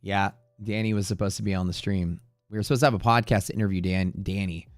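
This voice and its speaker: A man's voice: deep voice, fairly even intonation, fast talker, dry recording, faint music behind. A man hosting a live day-trading stream, talking in a chatty, rambling way that turns profane at times. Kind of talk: casual live-stream commentary. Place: Houston area.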